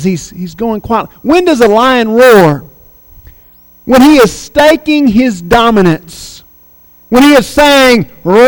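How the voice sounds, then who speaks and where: High-voiced preacher, emphatic. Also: male voice, no room sound, big-room sound, low-quality recording. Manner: preaching with slow emphatic phrases and dramatic quoted voices. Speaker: pastor. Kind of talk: sermon.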